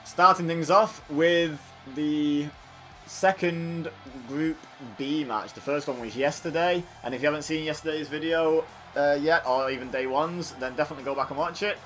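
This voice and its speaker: A gaming channel host with a fairly high, slightly bright voice commentates on a wrestling video game at a moderate pace. Chatty and self-mocking, he riffs and jokes between play-by-play calls. Soft music plays in the background.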